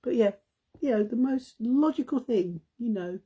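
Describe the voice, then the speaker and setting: A middle-aged woman chats to her live audience, breaking into giggles as she recounts a family moment. Her voice is soft and mellow, with a slightly husky, breathy edge. She talks in an easygoing, rambling way. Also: on the high side, expressive, moderate pace, muffled recording. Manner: giggly anecdote telling, laughing often. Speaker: live stream host. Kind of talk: casual chat on a live stream.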